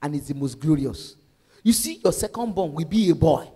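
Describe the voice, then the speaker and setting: A woman with a Nigerian accent voicing a solemn male fortune-teller who warns of doom in a low, hushed voice. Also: animated, normal speed, breathy edge, long reverb tail. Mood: ominous.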